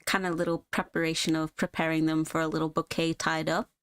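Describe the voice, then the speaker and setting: A woman's voice: deep voice, level tone, quick pace, clear, resonant tone, dry recording. A woman chatting and narrating scenes in a casual improv roleplay, talking with many filler words.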